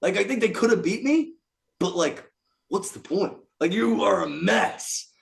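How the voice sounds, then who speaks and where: Man, band member, casual storyteller, animated, slightly high voice. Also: measured pace, gravelly. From Philadelphia area, USA. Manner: animated, laughing, swears freely.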